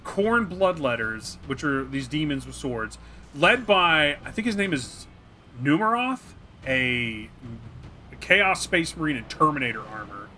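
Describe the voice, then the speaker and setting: A man co-hosting a casual gaming chat, recapping a video game in a rambling, animated way and acting out scenes as he goes. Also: on the high side, unhurried, a little hiss or hum. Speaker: co-host.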